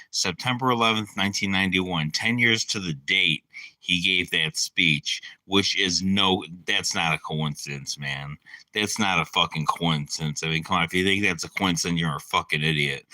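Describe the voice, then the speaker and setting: Guy with a deep voice but a real sharp, tense edge, rambling and swearing on a dry-sounding stream. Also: no room sound. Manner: profane, filler-heavy, meandering. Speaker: channel host. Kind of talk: rambling casual monologue on a live stream.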